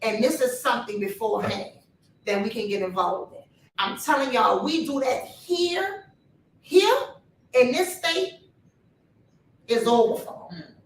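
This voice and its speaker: A woman's voice: fairly high pitch, expressive, normal speed, pauses often. A woman speaking on a panel with fire and a preacher-like cadence, talking straight to her audience. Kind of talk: impassioned panel talk. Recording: echoey room from a distance.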